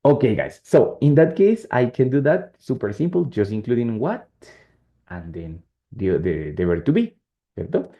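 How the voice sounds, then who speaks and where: A Spanish-speaking man explains English grammar to an online class at a normal speed, with a mid-range, sing-song voice. He alternates between English and Spanish and keeps checking in with students. The sound is lo-fi and slightly dull.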